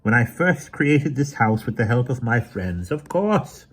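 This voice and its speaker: A man's voice: mid-range voice, big pitch swings, slightly rough, voice pushed up. A man doing a harsh, grating evil overlord. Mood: gloating. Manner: slow, gloating, menacing. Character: evil male sorcerer overlord, harsh and vengeful.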